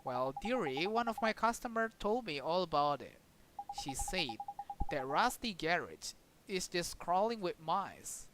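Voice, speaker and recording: A woman's voice: lowish voice, big pitch swings, measured pace, background noise. An actress voicing a fussy, motherly woman who dotes on her cat in a sing-song way. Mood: doting.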